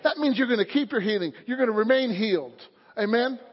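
A man with a very high, husky voice preaches with fervor, often calling out for an amen. His sermon rings with the long echo of a church hall. The audio sounds dull and lo-fi. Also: a little fast. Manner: fervent preaching, calls for amen. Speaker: pastor. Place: church sanctuary.

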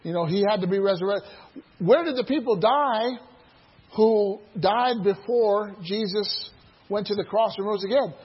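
A man preaching a sermon to his church, building to loud shouted crescendos and dropping back to a low, quiet delivery. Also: husky, lo-fi sound. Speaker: pastor.

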